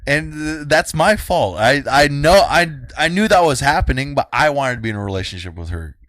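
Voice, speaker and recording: Man, podcast host, casual storytelling, very lively pitch, dry close mic. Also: brisk, no echo. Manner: animated, acts out quotes with big pitch jumps and fake crying.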